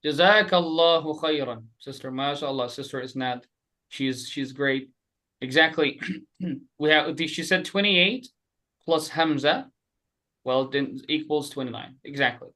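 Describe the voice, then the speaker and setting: Bright-voiced animated male teacher. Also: fairly high pitch. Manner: animated, repeats letters slowly for students. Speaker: Quran recitation teacher. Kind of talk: online group class. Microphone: webcam.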